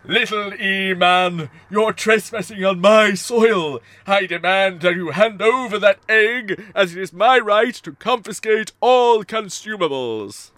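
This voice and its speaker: A man's voice: sits high, slow pace, hardly any pauses, pushed and bright, no echo, full character voice. A man voicing a mean, grumpy old male villain who hates everything, growling and snarling. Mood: demanding. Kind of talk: comic audio story acting.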